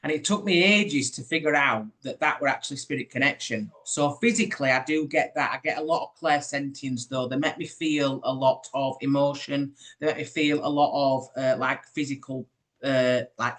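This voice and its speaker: Bright-voiced man chatting. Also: mid-range voice, normal speed. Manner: chatty, animated storytelling with asides. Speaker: spiritual medium, podcast host. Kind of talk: casual chat.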